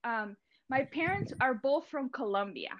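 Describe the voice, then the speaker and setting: A woman's voice: sits high, animated, unhurried, a little hiss or hum. A young adult woman from Venezuela, an eye doctor and interview guest, talking casually and loosely with lots of fillers. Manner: chatty, many fillers like "like" and "you know". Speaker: guest, ophthalmologist.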